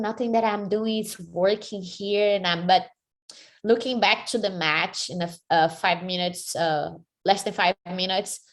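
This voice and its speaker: A woman, a fighter answering interview questions energetically, with many "like" fillers. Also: on the low side. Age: 30s. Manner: energetic, frequent "like" fillers, second-language phrasing. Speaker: MMA fighter and jiu-jitsu athlete.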